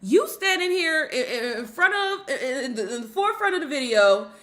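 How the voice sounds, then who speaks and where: Woman ranting on her stream, high voice, blunt and heated, black speech. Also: very animated, moderate pace, sharp tone. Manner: blunt and heated, with profanity and rhetorical questions. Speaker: commentary streamer. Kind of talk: opinionated casual commentary.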